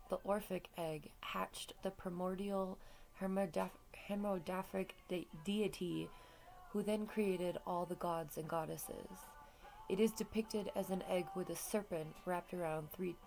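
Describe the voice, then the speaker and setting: Woman host, low and gravelly with morning voice, calm reflective card reading, faint music underneath. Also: poor audio. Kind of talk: casual talk and reading aloud from a card deck.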